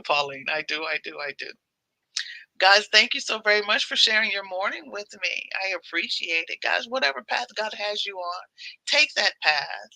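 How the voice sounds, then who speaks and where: A woman's voice: mid-range voice, expressive, moderate pace, gravelly, pushed and bright, no echo, rough recording. A woman hosting a casual devotional livestream, chatty and repeating phrases for emphasis.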